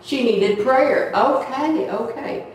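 A woman preaching to a church congregation, telling animated stories and acting out the voices of the people in them. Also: sits high, takes it slowly. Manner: animated, acts out voices in her stories, laughs often. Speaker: church speaker. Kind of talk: storytelling sermon. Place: church hall. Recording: echoey church from far off, faint noise.

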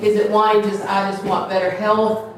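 A woman's voice: mid-range voice, flat delivery, moderate pace, a little hiss or hum. A woman preaching a folksy sermon to a small congregation, sometimes acting out gossip in playful voices. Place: small church hall. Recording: echoey room from far off, faint ambience.

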